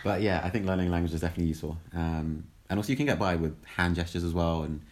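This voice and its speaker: Deep-voiced man, hesitant and chatty. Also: racing. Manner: hesitant, lots of ums and restarts. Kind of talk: casual chat.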